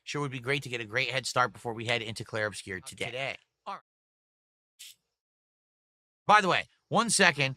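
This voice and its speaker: A man's voice: mid-range voice, animated, fairly quick, long pauses, bright, forceful tone, no room sound. A middle-aged man hosting a livestream, chatting casually and reading out his viewers' messages and tips. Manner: rambling, talks to chat and reads out tips. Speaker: livestream host.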